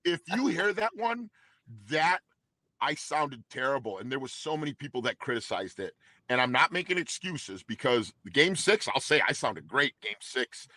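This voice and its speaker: A man's voice: mid-range voice, big pitch swings, normal speed, pushed and bright, dry recording, rough recording. A man, a singer being interviewed, talking openly and emotionally in rambling sentences with many restarts. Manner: emotional, rambling with restarts and quoted inner dialogue. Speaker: guest, anthem singer. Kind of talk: candid interview storytelling.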